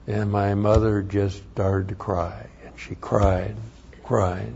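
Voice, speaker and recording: An older man giving an earnest, plain-spoken personal testimony, with halting restarts as he tells his story. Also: fairly low pitch, little pitch movement, vocal fry, a little mellow, slight background noise. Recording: dull lo-fi recording.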